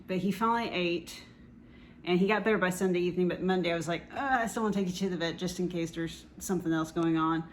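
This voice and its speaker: A woman's voice: on the low side, steady tone, fast talker, slight background noise. Easygoing woman telling a story. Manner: chatty, easygoing, filler-heavy. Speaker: co-host, vlogger's partner. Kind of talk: casual conversational storytelling.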